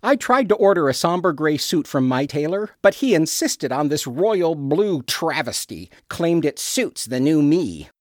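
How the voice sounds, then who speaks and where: A woman's voice: low voice, sing-song, measured pace, few pauses, darkish tone, no room sound. A woman acts out a stiff male theater critic gone helplessly theatrical, lurching between confiding asides and grand declamations. The voice leaps wildly up and down, and it sits close and dry with no room around it. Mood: earnest. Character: stiff, reserved male theater critic turned melodramatic ham. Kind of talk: radio drama acting.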